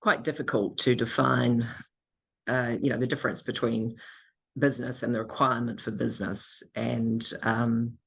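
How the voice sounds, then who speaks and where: A man on a conference panel giving a measured, thoughtful answer with frequent pauses. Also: medium pitch, flat delivery, creaky, a bit bright, husky. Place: conference room.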